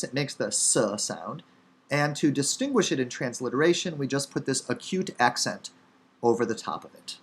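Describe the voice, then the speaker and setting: Chicago guy teaching hebrew letters, lots of uhs and ums, dry jokes, middle pitched voice. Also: animated, normal speed, a bit bright, husky. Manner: casual, wry teaching with many fillers. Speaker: Hebrew instructor. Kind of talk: recorded lecture.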